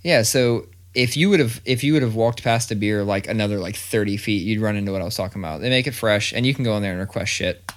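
A man's voice: on the low side, fast talker, few pauses. A man in his thirties telling a story in casual chat, swearing freely and acting out the quotes. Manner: profane, animated storytelling with acted-out quotes.

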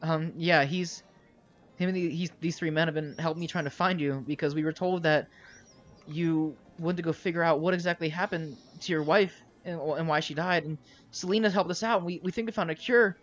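A man's voice: fairly high pitch, fairly even intonation, brisk, muffled recording, pitched above the performer's own voice, natural voice. A man voicing an earnest man who explains in a long, rambling rush.

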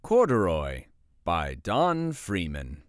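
A man's voice: sits low, huge pitch swings, slow pace, faint music behind. A man hosting a show and reading a bedtime picture book aloud, telling the story with voices. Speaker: host and story reader.

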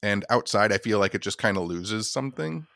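A man from Michigan, a podcast guest, chatting in an easygoing way and keeping his voice low in his chest. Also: animated, fairly quick, gravelly, fairly bright tone, dry recording, studio quality. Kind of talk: casual chat.

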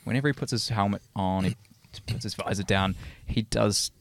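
A man's voice: fairly low pitch, normal speed, creaky. A young man in his twenties, co-hosting a podcast as a racing driver and telling rambling stories in a casual chat. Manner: rambling, chatty storyteller.

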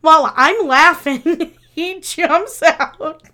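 A woman's voice: extremely high pitch, extremely slow. A woman in her thirties co-hosting a casual podcast, telling stories and laughing through them. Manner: laughs through stories, animated when quoting. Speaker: podcast co-host. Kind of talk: casual chat, storytelling.

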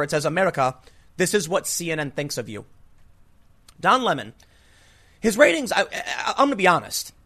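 Male commentary host, slightly high voice, emphatic, sarcastic, repeats himself when heated. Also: bright, forceful tone. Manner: sarcastic asides while reading from an article. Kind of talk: solo political commentary.

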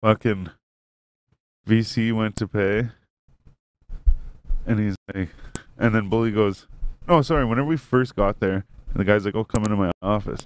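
A man's voice: lowish voice, normal speed, long pauses. A man telling a story in casual chat, rambling and swearing, acting out what people said. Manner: rambling, profane, acts out quotes.

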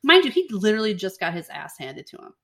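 A woman in casual podcast chat, retelling a story with animated acted-out quotes and a bit of swearing. Her voice sits at an ordinary middle pitch. She talks loosely, with lots of fillers. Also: fast talker. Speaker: podcast co-host.

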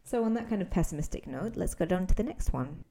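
A Scottish woman hosts a podcast for English learners, explaining in a relaxed, conversational way with frequent ums. Her voice is low in pitch and very dark and mellow. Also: fast, a little hiss or hum, poor audio. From Scotland. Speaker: English teacher, podcast host. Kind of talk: podcast lesson.

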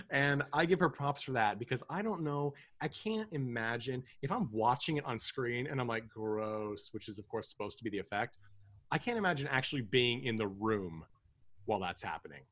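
This podcast co-host talks about a film in a relaxed review chat, wandering off track, restarting often and filling gaps with fillers. He has a medium-pitched, fairly bright voice with lively intonation and moves at a normal speed. The recording is dry.

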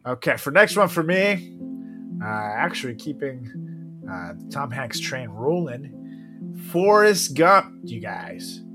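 A man's voice: mid-range voice, sing-song, slow, over music. A young man co-hosting a podcast, chatting casually, joking, swearing and laughing often. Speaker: podcast co-host. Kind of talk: casual chat.

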